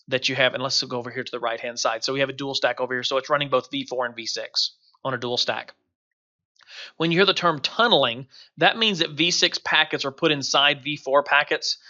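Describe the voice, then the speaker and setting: A man's voice: medium pitch, sharp tone, lo-fi sound. A man teaching a recorded course lecture over slides, talking loosely with many fillers and restarts. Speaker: instructor.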